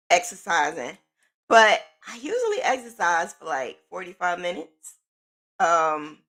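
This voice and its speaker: A woman hosting a podcast, telling a personal story in a chatty, animated way with informal slang. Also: fairly low pitch. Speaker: podcast host.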